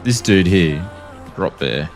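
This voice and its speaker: A man's voice: low-pitched, lively intonation, slow, soft background music. A man with an Australian accent chatting casually on a livestream, talking freely and laughing often. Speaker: streamer.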